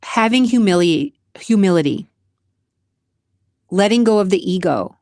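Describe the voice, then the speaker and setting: An earnest woman talks through a personal motivational monologue on her own channel. She repeats key phrases for emphasis and keeps an everyday mid-range pitch. The recording is dry and close, with no room sound. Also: dry recording. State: close to tears at times. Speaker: channel host.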